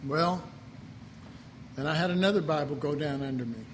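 Brief: male preacher with a high voice, emphatic and chatty, echo of a large hall. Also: normal speed. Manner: emphatic, conversational, acts out his own inner dialogue. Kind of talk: sermon, Bible teaching. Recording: hall reverb with faint background noise.

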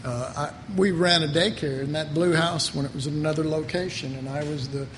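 A man's voice: fairly high pitch, a little fast. A middle-aged man preaching a sermon in a rambling, conversational way, often repeating his words. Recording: reverberant hall, faint ambient noise.

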